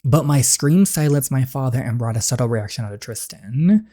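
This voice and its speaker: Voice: medium pitch, expressive, normal speed, mellow, close to an everyday voice. A reader voicing a bitter, defiant teenage girl. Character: angry teenage girl, resentful of her father. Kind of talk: reading a story game aloud.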